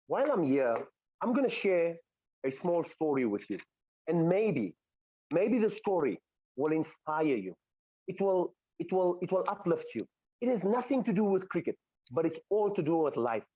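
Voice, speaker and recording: A man's voice: on the high side, dry recording. A man coaching cricket players on mindset, talking emphatically and repeating himself with rhetorical questions, from Africa. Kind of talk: motivational talk to players. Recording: dull, dry, lo-fi sound.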